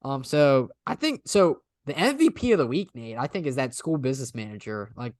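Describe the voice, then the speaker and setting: A man co-hosting a podcast in casual chat. He is animated, laughs often and lets his sentences trail off. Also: mid-range voice, a little fast, no echo, clean studio sound. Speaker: podcast co-host.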